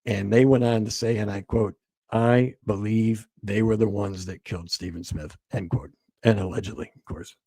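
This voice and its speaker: A man recounting events as a guest, halting and repeating words as he quotes what others told him. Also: on the low side, steady tone, dark tone, dry recording. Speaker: guest author. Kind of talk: storytelling interview.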